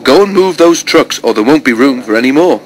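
A man's voice: medium pitch, lively intonation, a little fast, a little hiss or hum, pitched above the performer's own voice, close to an everyday voice. A man voicing Edward, a patient, good-humoured older male engine who keeps the twins in line. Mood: amused.

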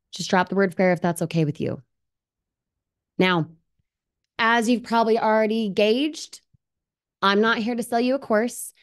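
A woman presenting a live online webinar, upbeat and persuasive, often asking viewers questions and reading their comments aloud. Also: medium pitch. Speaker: livestream presenter.

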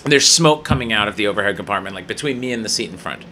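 A man hosting a podcast, telling a story in casual, profane chat and jumping into quick voices. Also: on the low side, lively intonation, bright, forceful tone, slight background noise. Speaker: podcast host.

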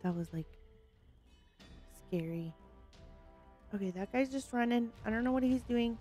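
A woman hosting a solo gaming video, chatting casually through her play with panicky, excitable outbursts. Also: fairly high pitch, measured pace, faint music behind. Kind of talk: casual gameplay commentary.

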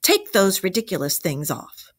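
A woman voicing a stern, commanding old male badger, grave and deliberate. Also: on the low side, wildly swooping pitch, breathy edge, full character voice.

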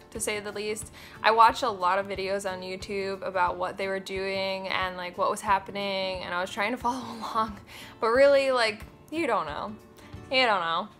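A woman's voice: medium pitch, pushed and bright. A young woman in her twenties chatting casually to camera in a vlog, full of fillers and offhand swearing. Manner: chatty, with many fillers and quoted asides. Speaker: vlogger. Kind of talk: casual chat.

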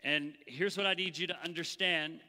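Pastor, male, high and very bright voice, animated sermon, church hall reverb. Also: moderate pace. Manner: animated, acts out the Bible voices. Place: church sanctuary.

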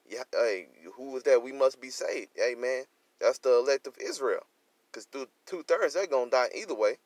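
Male preacher, dry close sound, swings from low mutter to loud scripture reading. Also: lively intonation, moderate pace, no echo. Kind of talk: preaching commentary over a video.

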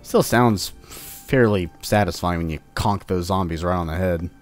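A man with a fairly low voice talks through his gameplay in a relaxed, offhand way. He cracks jokes and taunts the monsters as he fights them. A little music sits faintly underneath his voice. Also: unhurried. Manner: playful, jokingly taunts enemies. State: sore upper back. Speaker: let's-play host. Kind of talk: casual gameplay commentary.

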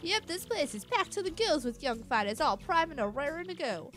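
A woman's voice: sits high, expressive, normal speed, a bit bright, faint music behind, pitched above the performer's own voice. A woman voicing a folksy, boastful older male fight promoter with a drawl, reading game dialogue aloud. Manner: folksy drawl, calls everyone son.

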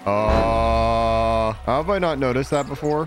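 A man commentating a horror game, jumpy, yelping and shouting when startled. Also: mid-range voice, steady tone, takes it slowly, soft background music. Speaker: gaming YouTuber.

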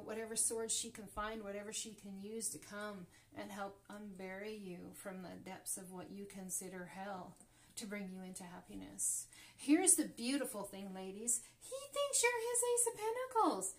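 A woman reading tarot cards for her viewers, often gasping and exclaiming as cards turn up. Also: on the high side. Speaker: tarot reader. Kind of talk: casual tarot reading to camera.

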